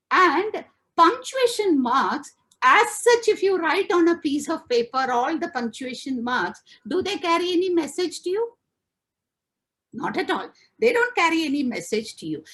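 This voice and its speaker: Woman lecturer, high and lively, emphatic classroom delivery. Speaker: webinar lecturer.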